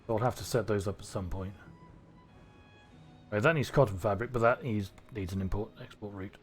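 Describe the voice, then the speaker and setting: A streamer from Cornwall, England, with a neutral southern English accent, rambles and thinks out loud while giving casual gameplay commentary. His voice is lowish and brisk, with faint music in the background.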